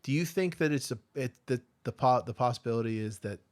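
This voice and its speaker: Podcast guy asking a question, halting, keeps restarting. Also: mid-range voice. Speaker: podcast co-host. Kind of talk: casual chat.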